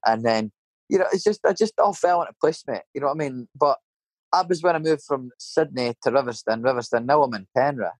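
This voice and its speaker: A man's voice: medium pitch, fairly quick, dry recording. Middle-aged Scottish man, Scottish accent, rambling and sweary chat storyteller, dry close sound. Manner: swearing, rambling anecdotes with tag questions.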